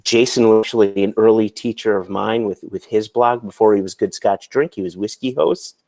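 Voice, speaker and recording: A man's voice: on the low side, a little fast, warm tone, no room sound. A man who is a guest on a podcast, casually telling earnest, rambling anecdotes. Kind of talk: casual chat.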